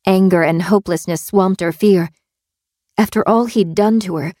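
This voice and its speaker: A woman reads a suspense audiobook in a steady, tense narrating voice. Her voice sits on the low side. The sound is close and dry, with no room around it. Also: a little slow, dry recording.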